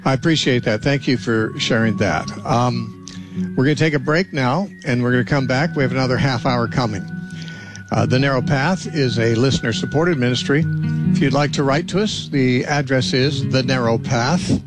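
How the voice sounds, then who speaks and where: A man's voice: mid-range voice, normal speed, over loud music. Plain-spoken male radio host. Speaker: radio call-in show host. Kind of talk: call-in radio Q&A.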